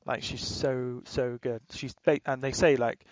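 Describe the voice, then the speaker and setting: A man's voice: mid-range voice, fairly even intonation, unhurried, no echo, lo-fi sound. A man co-hosting a podcast, rambling in casual chat, swearing freely and laughing as he retells things. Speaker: podcast co-host.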